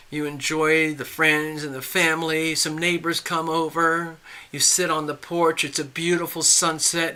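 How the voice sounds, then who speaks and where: A man's voice: on the high side, pushed and bright, smooth. A man doing tarot readings on a live stream, telling a story in a chatty, rambling way with restarts and asides. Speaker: tarot reader.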